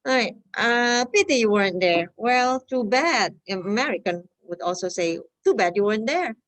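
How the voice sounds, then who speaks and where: A woman's voice: fairly high pitch, lively intonation, moderate pace. Patient woman teaching an online English class. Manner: patient, explains with repeated examples, raises voice playfully. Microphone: video call.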